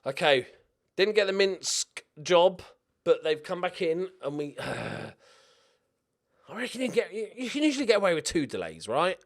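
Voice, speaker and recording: A young man giving excitable, jokey let's-play commentary with frequent swearing while talking to himself. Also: high-pitched, moderate pace. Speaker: video game streamer.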